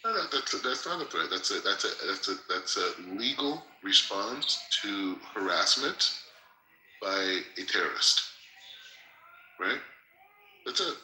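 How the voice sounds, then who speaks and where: An insistent man argues hotly, repeating words and restarting his sentences. His voice is low-pitched with a sharp, bright edge. It sounds roomy and echoey. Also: lively intonation, measured pace, long pauses, slight background noise. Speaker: participant in an audio chat room. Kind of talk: heated argument. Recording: roomy echo.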